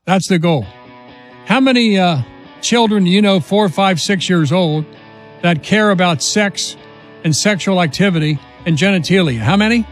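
A man's voice: high voice, moderate pace, soft background music. A man hosting a talk radio show, commenting in an indignant, emphatic and mocking way.

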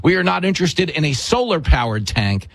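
Husky, combative male talk host. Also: fairly high pitch, sing-song, a little fast, poor audio. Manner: combative, rhetorical, with mocking asides. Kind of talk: opinionated political commentary.

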